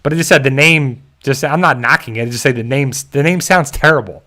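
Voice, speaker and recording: A man chatting casually as a stream host, moving from one comment to the next in a loose, rambling way. He jokes often and breaks into easy chuckles, at an ordinary middle pitch for a man. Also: brisk, sharp tone. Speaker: channel host reading viewer chat. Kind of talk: casual livestream chat.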